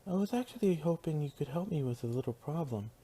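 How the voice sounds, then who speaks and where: An earnest, bookish young pony princess, as a man reads her lines, brisk and matter-of-fact. Her voice is raised above his plain tone but stays level and practical. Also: a little high, lively intonation, warm tone, slightly rough, pitched above the performer's own voice. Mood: polite.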